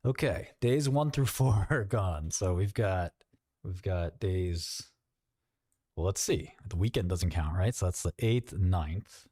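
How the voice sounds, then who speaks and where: A man hosting a casual trading livestream rambles and jokes, thinking aloud to his viewers. His voice swings widely up and down at a middling pitch. It is close-miked in a dry room. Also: lively intonation, takes it slowly, mellow, slightly rough, no echo. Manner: rambling, jokey, talks to himself and chat. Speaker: livestream host.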